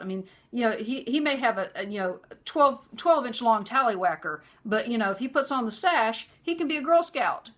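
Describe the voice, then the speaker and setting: A woman telling a personal story in an earnest, conversational way, filling pauses with "you know". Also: a little high, lively intonation. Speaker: vlogger.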